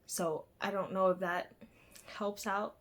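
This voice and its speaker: A woman's voice: medium pitch, steady tone, a little slow. A young woman chatting casually about books she has read, rambling with lots of fillers, restarts and little stutters. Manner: rambling, filler-heavy, self-deprecating, stuttering. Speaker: book vlogger. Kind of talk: casual book review chat.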